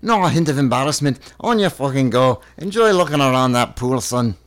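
A man's voice: medium pitch, animated, brisk, lightly acted. A man doing a put-on Scottish accent, reading crude comic posts as a brash swearing Scot. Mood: cheeky, crude. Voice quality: raised, punchy and crude. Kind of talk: comic read-aloud of posts.

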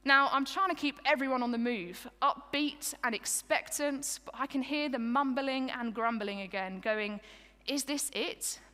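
A woman's voice: high-pitched, unhurried, bright, forceful tone, long reverb tail. Woman telling it as Moses, weary and exasperated. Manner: first-person storytelling, exasperated and pleading. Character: Moses, weary exasperated male leader of a grumbling people.

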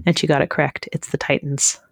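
Woman with a really low voice rambling through quiz recaps, lots of likes and ums, dry close sound. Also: fairly even intonation, brisk, creaky, dry recording. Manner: chatty, with frequent fillers and self-corrections. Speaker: podcast co-host. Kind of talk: casual chat recapping a quiz show.

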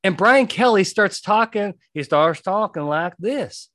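A man with a slightly high voice gives blunt advice in an emphatic, conversational monologue. He hammers his main points by repeating them, often checking in with a quick "okay". The sound is close and dry, with no room around it. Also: expressive, a bit bright, dry recording. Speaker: podcast host and jury consultant.

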